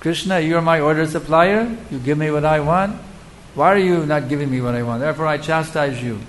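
A man's voice: a little high, a little fast, close to an everyday voice. A man voicing a self-important male devotee who demands and complains, speaking in a raised, indignant voice.

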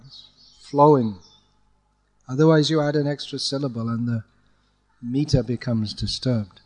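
A man teaching a student to chant Sanskrit verses, correcting pronunciation patiently and chanting lines slowly to demonstrate. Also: mid-range voice, fairly even intonation, a little mellow. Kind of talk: one-on-one chanting lesson.

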